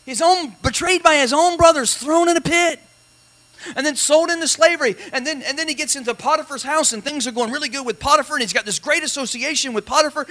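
A male pastor preaching a lively sermon with call-and-response asides and dramatic shouted peaks in a church. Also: very high voice.

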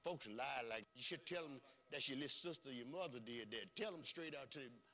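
Emphatic folksy preacher man, bright voice. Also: mid-range voice, animated, fairly quick. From rural background. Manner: folksy, emphatic preaching with sudden swings in loudness. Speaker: pastor. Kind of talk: sermon.

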